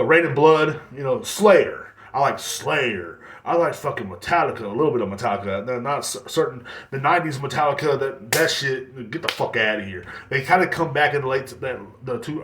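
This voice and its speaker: A man's voice: medium pitch, fairly bright tone. A man in his thirties hosting a podcast, rambling bluntly in casual monologue and swearing freely. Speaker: podcast host. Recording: echoey room.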